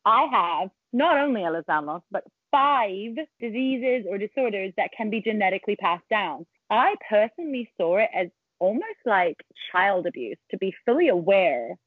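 A woman's voice: medium pitch, lively intonation, normal speed, hardly any pauses, breathy edge, dry recording. A woman, a podcast guest chatting bluntly and animatedly over a remote call, swearing freely. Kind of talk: casual interview chat. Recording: tinny phone-like call audio.

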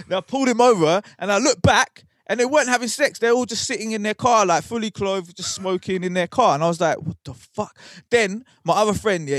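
A man's voice: high voice, no echo, clean studio sound. A young man, co-hosting a podcast and telling a rambling, slang-heavy story. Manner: animated, swearing, slangy storytelling. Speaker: podcast co-host. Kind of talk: casual storytelling. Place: podcast studio.

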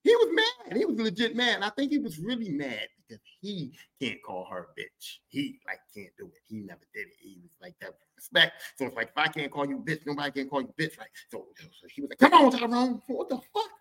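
A man telling a family story on his podcast, profane, slangy and animated. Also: on the high side, a little fast, hardly any pauses. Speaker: podcast host. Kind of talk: comic storytelling.

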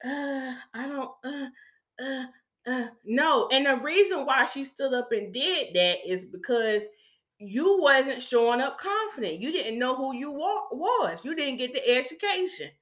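A woman hair stylist hosting a podcast, telling stories about her clients in a casual, animated way and acting out their voices. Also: high voice, unhurried. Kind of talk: storytelling podcast talk.

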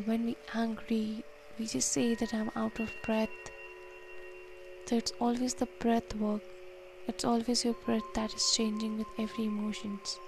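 A woman leading a guided meditation, counting breaths and giving slow, soft, calm instructions. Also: a little high, creaky.

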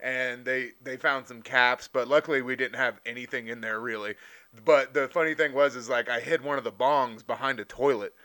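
A man's voice: mid-range voice, fairly even intonation, moderate pace, bright, forceful tone. A man guesting on a podcast in casual chat, easygoing, laughing often and swearing casually.

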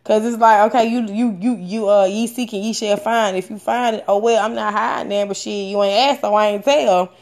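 A woman in her thirties tells her own story in a loose, unscripted way, circling back with fillers and restarts. Her pitch sits in the middle range for a woman. She swears freely and jumps up in pitch and volume when she gets worked up. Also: fairly quick, hardly any pauses. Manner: frank and profane, with many fillers and restarts; animated, with sudden rises in pitch and loudness. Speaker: storyteller sharing a personal experience. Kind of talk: candid personal storytelling.

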